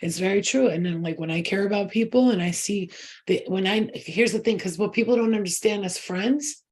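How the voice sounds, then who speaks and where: A woman's voice: medium pitch, fairly quick, darkish tone, breathy edge. A woman hosting a spiritual channel, talking in a casual, rambling monologue that is blunt, profane and emphatic.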